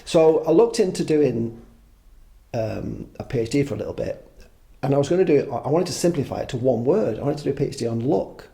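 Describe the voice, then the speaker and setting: This man in his fifties has a medium-pitched, creaky voice with a dark tone, and he speaks briskly and expressively. As a podcast guest in casual conversation, he wanders from topic to topic, swearing freely and mocking himself.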